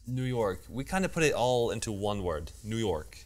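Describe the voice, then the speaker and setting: An American man co-hosting a casual chat, playful and quick to laugh. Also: fairly low pitch, big pitch swings, a little mellow. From United States. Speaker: co-host.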